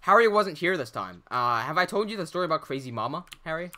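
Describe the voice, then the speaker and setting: A young man hosting a livestream, casually telling an animated story, laughing often and swearing freely. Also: on the high side, fast. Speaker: livestream host.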